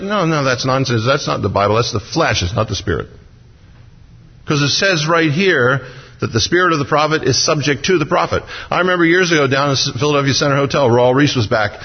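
A man preaching a sermon as a pastor, conversational and humorous, acting out little voices as he speaks. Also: mid-range voice. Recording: dull, lo-fi hall recording with long reverb.

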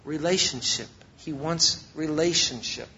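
High-voiced man preaching, dull lo-fi sound. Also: measured pace, bright, forceful tone, slight background noise. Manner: emphatic preaching with repeated phrases. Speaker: pastor. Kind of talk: sermon.

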